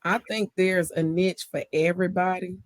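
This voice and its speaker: A young woman comedian with a Southern US accent, talking loud, fast and full of energy from home in a casual interview. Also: lowish voice, fairly even intonation, dry recording. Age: young adult. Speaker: comedian guest.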